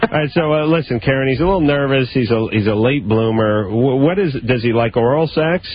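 A man's voice: mid-range voice, fairly quick. A man hosting a call-in radio show, blunt, teasing and crude in casual banter. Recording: muffled radio broadcast audio.

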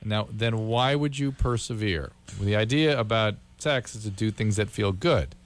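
A man's voice: on the low side, normal speed. A man hosting a radio call-in show who puts probing, wry questions to the callers. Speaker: radio host.

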